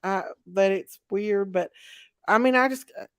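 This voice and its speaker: A woman with a Southern US accent hosts a casual livestream chat, drawling and chatty as she reads viewer comments aloud. Her mid-range voice is clear and resonant, delivered at an unhurried pace. The studio recording is clean, with no echo.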